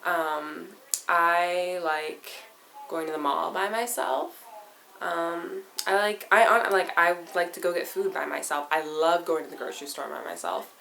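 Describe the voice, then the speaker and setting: A woman's voice: on the low side, fairly even intonation, unhurried, creaky, a bit bright, a little hiss or hum, rough recording. A teenage girl vlogging in a casual, rambling way, saying "like" all the time. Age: teens. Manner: chatty, rambling, says "like" constantly. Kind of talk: casual chat to camera.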